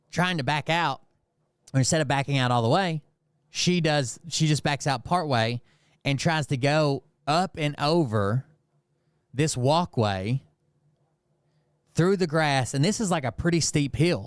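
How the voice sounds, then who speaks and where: Man, smooth resonant voice, dry close sound, rambling profane storyteller. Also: a little high, moderate pace, no room sound. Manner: profane, rambling, heated retelling full of fillers. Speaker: channel host. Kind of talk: casual storytelling.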